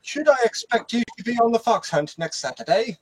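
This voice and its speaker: A man's voice: very high-pitched, sing-song, a little fast, no echo, voice pushed up, full character voice. A jaunty, haughty posh Englishman with a raised voice, as a man puts him on. The sound is dry and close, with no room around it. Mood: mock-posh. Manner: mock-posh, playful.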